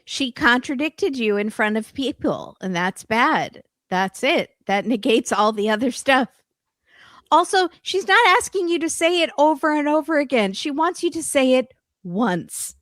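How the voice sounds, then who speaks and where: A woman co-hosting a casual podcast chat, making quick sarcastic asides about a reality show. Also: high-pitched, lively intonation, fairly bright tone, no room sound, clean studio sound. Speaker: podcast co-host.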